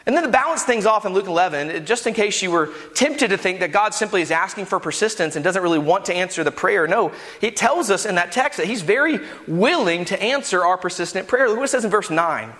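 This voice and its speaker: A male pastor delivers a sermon in a church, earnest and building to emphatic points, with playful asides. His voice sits high for a man, and a long hall reverb hangs on every phrase. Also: expressive, fairly quick, hardly any pauses, a bit bright. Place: church sanctuary.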